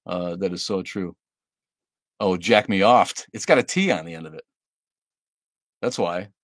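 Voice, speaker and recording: A man's voice: low voice, big pitch swings, normal speed, no echo, clean studio sound. A man hosting a casual livestream, reading viewer comments aloud and answering them bluntly and sardonically, with frequent fillers and laughs. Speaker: livestream host.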